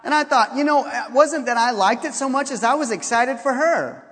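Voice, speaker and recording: High-voiced man preaching in a reverberant hall. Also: moderate pace. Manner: animated, laughing often, acts out quotes. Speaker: pastor. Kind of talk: storytelling sermon.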